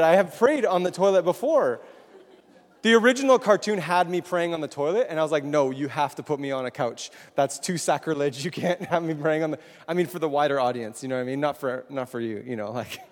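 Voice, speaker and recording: Chatty male preacher in an echoing hall. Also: sits high. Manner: chatty, quizzes the audience. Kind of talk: casual sermon. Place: large hall with congregation. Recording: long echoing hall reverb.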